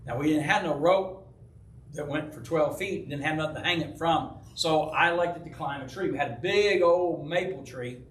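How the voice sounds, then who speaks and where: A high, bright man's voice leads a Bible study in a casual, storytelling way, often checking in with his listeners. He acts out the people in his stories. The sound rings around an echoey church room. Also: moderate pace, a little hiss or hum. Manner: animated storyteller who acts out quoted voices; frequent checking with "right?". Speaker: pastor teaching a Bible study. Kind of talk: conversational Bible teaching with personal stories. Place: church hall.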